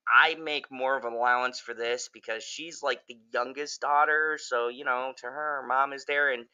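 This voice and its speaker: A man giving a casual, profane, rambling spoken review of a horror movie, getting excitable and jumping up in pitch when he quotes characters. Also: normal speed, clear, resonant tone. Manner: jumps high when quoting characters.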